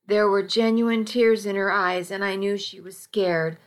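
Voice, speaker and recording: Woman narrator for a first-person audiobook, unhurried and even, mid-range voice. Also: medium pitch. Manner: measured, even storytelling delivery.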